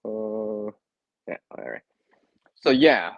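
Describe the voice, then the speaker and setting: A man's voice: fairly low pitch, animated, takes it slowly, gravelly, no room sound, muffled recording. A man hosting a casual live stream from home, chatty, laughing often and repeating words. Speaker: livestream host.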